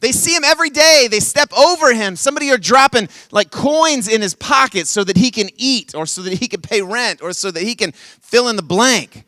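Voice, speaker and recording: A man preaching an energetic youth sermon at a camp session, playfully coaxing the audience to call back lines. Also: very high-pitched, normal speed, no room sound. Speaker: camp speaker.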